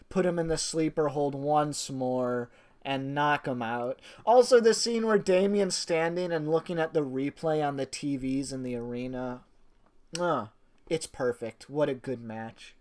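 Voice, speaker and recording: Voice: medium pitch, darkish tone. Casual spoken review, gushing tone, rambling delivery, fillers, casual swearing. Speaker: wrestling reviewer.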